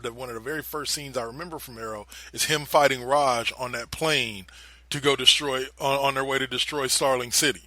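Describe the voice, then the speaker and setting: A young man co-hosting a podcast, retelling a TV scene in casual, animated chat and swearing freely. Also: mid-range voice, dry recording. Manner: animated storyteller, swears freely, drops into quoted voices. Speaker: podcast co-host.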